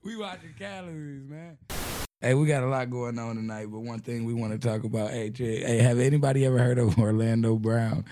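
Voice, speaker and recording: A man's voice: medium pitch, fairly even intonation, a little fast, dark tone. A man hosting a casual talk show, joking, teasing and laughing often in a slangy, easygoing way. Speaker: podcast host. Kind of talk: casual banter with friends.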